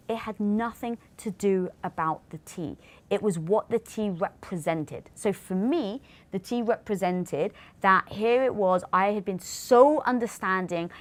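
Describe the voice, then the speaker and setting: A British woman in her forties, co-hosting a casual livestream and telling a story with lively acted-out quotes. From Britain. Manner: animated storytelling, acts out quotes with big pitch jumps. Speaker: co-host.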